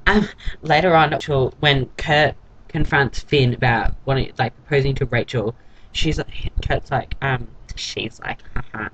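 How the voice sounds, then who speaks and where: A man's voice: fairly high pitch, expressive, slow pace, a bit bright, muffled recording, a little hiss or hum. A man giving a casual, gossipy vlog recap of a TV episode in a catty, sarcastic way. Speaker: TV episode reviewer.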